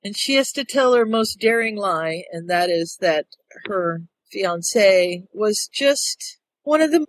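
Breathy woman in casual chat. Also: fairly low pitch, no room sound, poor audio. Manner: laughs often, summarizes plot. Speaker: podcast co-host. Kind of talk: casual book discussion.

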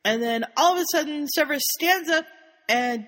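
A woman co-hosting a podcast, casually retelling a story in an animated way and laughing often. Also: sits high, moderate pace, big-room sound. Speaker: podcast co-host.

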